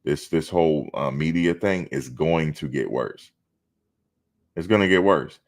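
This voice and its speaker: A man's voice: very deep voice, measured pace. A man hosting a live stream, talking casually and bluntly, outspoken and swearing freely.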